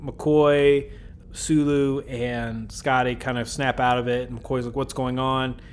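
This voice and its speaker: A man's voice: medium pitch, flat delivery, takes it slowly, clean tone. Chatty man recapping with a laugh. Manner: chatty, laughing, puts on silly character voices. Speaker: podcast host. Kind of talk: casual episode recap.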